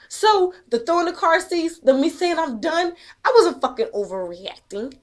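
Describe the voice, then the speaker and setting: High-voiced woman telling a heated story. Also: expressive, moderate pace, few pauses. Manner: profane, emphatic, heated; repeats "okay?" to press her point. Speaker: mother telling a personal story. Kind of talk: emotional first-person storytelling.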